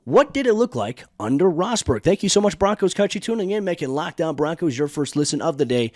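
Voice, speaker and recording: A man hosting a sports podcast, talking in an energetic, emphatic way. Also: on the high side, a little fast, dry recording, studio quality. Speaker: podcast host.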